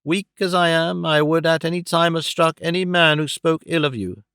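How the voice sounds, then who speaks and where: A man's voice: a little high, bright, forceful tone, clear, resonant tone, no echo, clean studio sound. A man reading an audiobook voices a frail old man whose trembling voice turns fierce and indignant. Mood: earnest pleading. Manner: slow, earnest, protesting.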